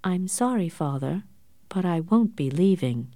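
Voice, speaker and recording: A woman's voice: lively intonation, unhurried, warm tone, no room sound, studio quality. A woman reading the part of an unhappy, proud young woman, earnest and strained. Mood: resolute. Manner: earnest and strained, higher than the narration. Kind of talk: audiobook character reading.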